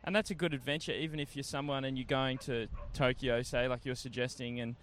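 A man in a relaxed conversation, chatty and laid-back, telling a travel story with slang. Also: medium pitch, fast, slight background noise. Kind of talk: casual storytelling chat.

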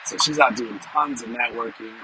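Over a loud crowd in a low-quality recording with steady background noise, a middle-aged vlogger and sales professional speaks at a moderate pace in a medium-pitched voice. He rambles casually to viewers, repeating himself and often asking "you know?".

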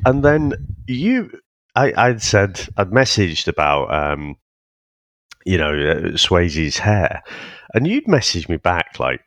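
Low-voiced man chatting films. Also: very animated, takes it slowly, fairly bright tone, no room sound. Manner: laid-back, swears, laughs along. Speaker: podcast co-host. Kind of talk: casual film review chat.

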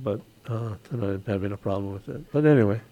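An older man from Hawaii with a Hawaiian accent, hosting a casual radio chat, chatty and quick to laugh. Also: lowish voice, mellow, slight background noise. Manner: chatty, laughs easily, imitates local sayings. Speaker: radio show host.

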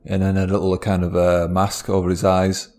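A man's voice: deep voice, completely flat delivery, normal speed, darkish tone. A man telling an improvised comedy story in a rambling, playful manner.

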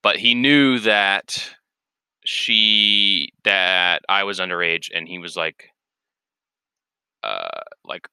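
A young man telling a personal story in a casual, rambling, candid way, swearing freely and filling pauses with "like" and "you know". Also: sits low, bright, forceful tone, smooth, dry recording. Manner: rambling, candid, profane, many fillers.

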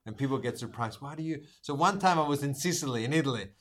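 A man co-hosting a podcast, relaxed in casual chat, telling a story with chuckles. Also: medium pitch, fast talker. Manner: relaxed, plugs links, chuckles. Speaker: podcast co-host.

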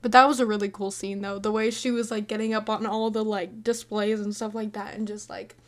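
A woman of about eighteen chatting casually about a movie, scattered and excitable, rambling from thought to thought. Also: medium pitch, fairly quick. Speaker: movie reviewer. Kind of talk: casual chat.

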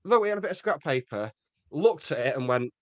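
A man co-hosting a podcast in casual chat, tossing out dry, deadpan one-liners. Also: on the high side, a little fast, dry recording, highs cut off. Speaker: podcast co-host.

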